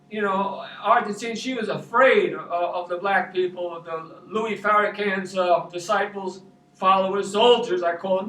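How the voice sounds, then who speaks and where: A man's voice: high-pitched, fairly bright tone, echoey room, far from the mic, low-quality recording. A man from Long Island, a pastor rambling through a personal testimony and repeating his words. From Long Island, New York. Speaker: street pastor. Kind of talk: storytelling testimony.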